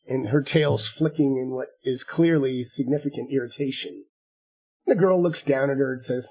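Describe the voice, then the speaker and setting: A man running a tabletop game as game master, narrating in a halting way with many repeated words. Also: mid-range voice, a little mellow, husky, rough recording.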